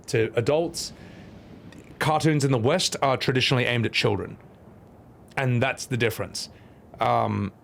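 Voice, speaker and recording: A man's voice: medium pitch, vocal fry, fairly bright tone. A man from Australia, streaming a game and ranting bluntly with opinions and swearing. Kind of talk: casual gaming commentary. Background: game music.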